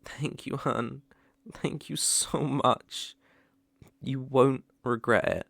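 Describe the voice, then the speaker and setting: A young man with a British accent playing a remorseful ex-boyfriend in a whispered role-play, speaking hesitantly with soft laughs. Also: medium pitch, takes it slowly, gravelly, no echo. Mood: tender. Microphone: close mic, ASMR.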